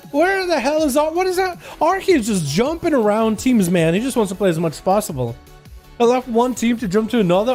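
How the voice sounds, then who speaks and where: A man streaming and casting game duels live, giving excitable, casual play-by-play and talking straight to his chat. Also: high-pitched. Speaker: streamer and duel commentator. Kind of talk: livestream play-by-play game commentary.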